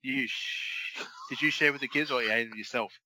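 A man's voice: medium pitch, moderate pace, pushed and bright, no room sound, low-quality recording. A man in his thirties co-hosting a casual podcast chat, teasing his co-host with crude banter.

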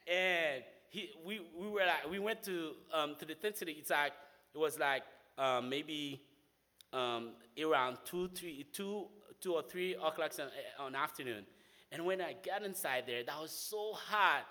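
A young man from Haiti with a Haitian accent, telling a personal faith testimony in an animated way, often saying "man". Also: on the high side, measured pace. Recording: long hall reverb.

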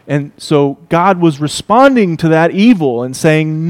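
Male preacher, slightly high voice, emphatic sermon delivery with loud-to-hushed dynamic swings. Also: expressive, a little slow, few pauses. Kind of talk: expository sermon.

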